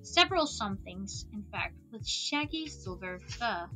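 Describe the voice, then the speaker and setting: A woman's voice: medium pitch, sing-song, a little slow, sharp tone, faint music behind, poor audio. A woman streamer reading a novel aloud expressively, with laughing asides, into a desk microphone.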